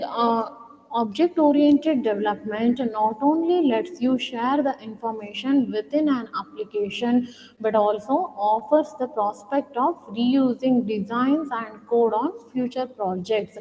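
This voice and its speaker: A woman's voice: on the high side, a little mellow. A woman giving a recorded lecture, restating each point and asking rhetorical questions. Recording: long hall reverb.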